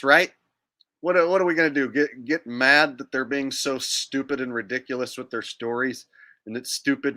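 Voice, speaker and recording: With a sharp tone and a mid-range voice, this man hosts a livestream. He chats casually with sarcasm and mockery, now and then mimicking people in goofy voices.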